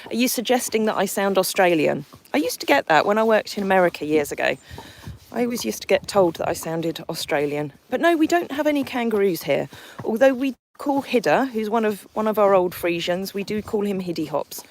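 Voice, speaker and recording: A friendly Englishwoman talks on a live stream from a country lane, in a voice of ordinary pitch. She chats freely and reads viewer comments aloud as they arrive. A faint hiss of noise sits behind her. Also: animated, a little fast, rough recording. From England. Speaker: horse sanctuary owner hosting a livestream. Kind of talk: live-stream chat while riding a horse.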